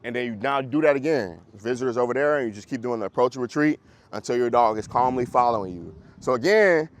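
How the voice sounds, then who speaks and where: A man's voice: medium pitch, expressive, fast. A man, a dog trainer, coaching a group class in a casual, conversational way over a video call, often checking that listeners follow.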